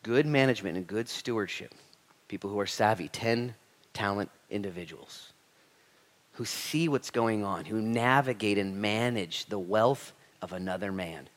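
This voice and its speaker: A man in his thirties, a pastor preaching a Bible study sermon with lively acted-out quotes and humor. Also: lowish voice, normal speed.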